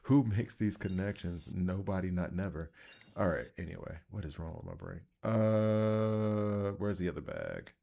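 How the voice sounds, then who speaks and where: A man with a deep, low voice and a Southern accent talks his way through a video game. His commentary is loose and rambling, and he keeps laughing at his own odd tangents. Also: big pitch swings, a little slow, creaky, dark tone. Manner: rambling, self-deprecating, chatty. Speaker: gaming channel host. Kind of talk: casual gameplay commentary.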